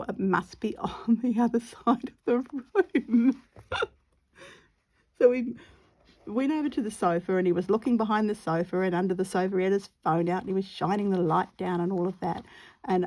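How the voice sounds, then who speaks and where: A woman's voice: medium pitch, a little mellow. A woman telling a funny story casually while she crafts, laughing often and acting out her own panicked squeals. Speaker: crafting vlogger.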